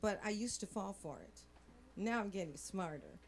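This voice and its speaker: A woman's voice: medium pitch, expressive. A middle-aged woman doing a brash, bawdy stand-up set. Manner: brash, bawdy, slow deliberate delivery. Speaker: stand-up comic.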